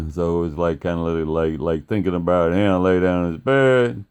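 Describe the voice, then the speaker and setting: A man's voice: low-pitched, normal speed, a little mellow, clean tone. Rambling, foul-mouthed man. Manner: rambling and profane, with many fillers and acted-out quotes. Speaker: storyteller. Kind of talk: casual spoken storytelling.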